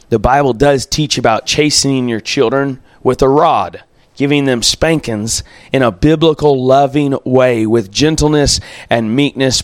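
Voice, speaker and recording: A man's voice: medium pitch, no echo. A man preaching a sermon as pastor, emphatic, repeating phrases for stress.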